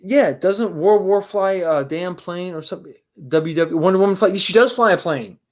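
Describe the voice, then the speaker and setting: At a moderate pace and high pitch, a man reviews a movie on a casual livestream, fielding chat as he goes. He's rambling, exasperated, profane, and blunt, restarting often and tossing out rhetorical questions.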